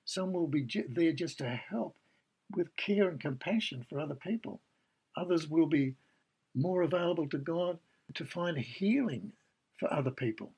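A man's voice: fairly high pitch, darkish tone, husky, rough recording. A man preaching a sermon, earnestly explaining scripture and reading passages aloud.

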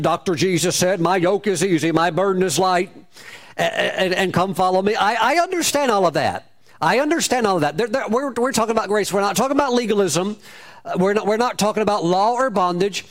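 A man preaching a sermon, telling a story with repeated phrases and shifting emphasis. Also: fairly high pitch. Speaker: pastor.

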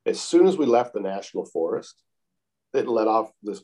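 A man calmly telling a long outdoor story in a casual interview, with many repeated "I said" tags. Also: fairly low pitch, highs cut off. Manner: calm, unhurried, repeats "I said" often.

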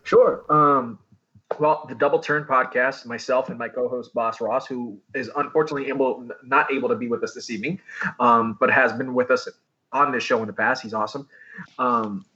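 Male podcast guest, husky and forceful, chatty, lo-fi sound. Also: mid-range voice, steady tone, brisk. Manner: friendly, chatty, many ums. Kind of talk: casual podcast chat.

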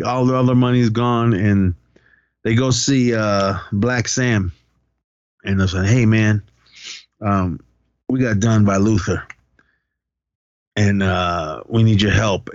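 Low-voiced man recapping a movie. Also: a little mellow, dry recording, dull audio. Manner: loose storytelling, acts out quotes, profane. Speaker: podcast co-host.

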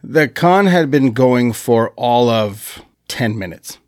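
An animated man recounts a story on a casual podcast, his voice rising and falling freely. He laughs often as he talks. The sound is close and dry, with no room around it. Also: mid-range voice, takes it slowly, no echo. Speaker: podcast co-host.

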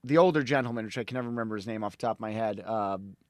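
A middle-aged man from Connecticut, a podcast guest telling animated, rambling stories in casual conversation. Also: fairly low pitch, rapid-fire, no echo, clean studio sound. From Connecticut, USA.

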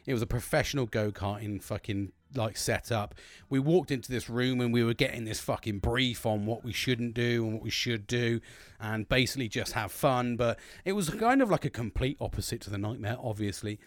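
A man's voice: mid-range voice, a little fast, no echo. A British man casually telling a long story about his dreams, swearing constantly and laughing as he goes. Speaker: host recounting his dreams.

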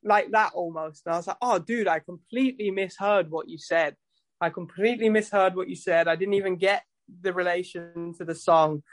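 A man's voice: sits high, moderate pace, dry recording. A man, a musician guest telling stories in a casual chat, rambling and swearing freely. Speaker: guest musician and tattoo artist.

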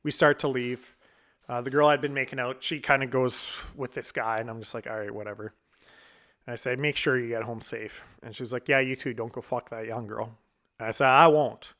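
A man's voice: medium pitch, fairly even intonation, brisk, fairly bright tone. A man in his thirties telling a personal story in a casual, blunt way, swearing freely and chuckling at himself. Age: 30s. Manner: blunt and profane, laughing at himself.

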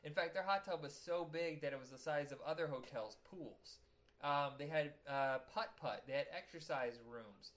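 A man's voice: a little high, normal speed, a bit bright. A man hosting a casual podcast, joking crudely and rambling through stories. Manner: jokey, rambling, crude humor. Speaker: podcast host. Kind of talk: casual chat.

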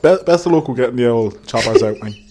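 Animated man telling stories. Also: mid-range voice, fast talker, very noisy. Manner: laughing, animated, crude banter. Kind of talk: casual chat, storytelling.

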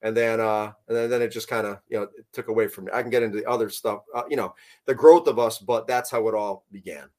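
A man's voice: on the low side, steady tone, fast, darkish tone. A man from the Connecticut and New York area, a podcast guest who tells easygoing stories and quotes his own past conversations. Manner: easygoing storyteller, quotes himself in dialogue. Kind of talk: casual storytelling.

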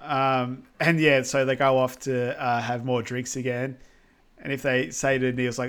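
A man with a middle-pitched voice walks through a film's scenes in relaxed podcast chat. He is easygoing and hesitant and fills his pauses with ums. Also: clean tone. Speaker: podcast co-host. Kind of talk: casual film recap chat.

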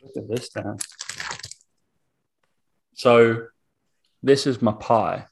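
A man's voice: medium pitch, steady tone, drawn-out words, vocal fry, slight background noise. A young man in a casual chat who laughs often and reads out product labels. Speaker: co-host.

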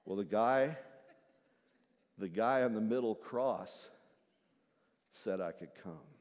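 A man's voice: mid-range voice, expressive, a little fast, darkish tone, voice pushed down, close to an everyday voice. A man voicing a confused, timid thief who has just died, mumbling his answers. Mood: bewildered. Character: bewildered meek dead thief, a man. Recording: long hall reverb.

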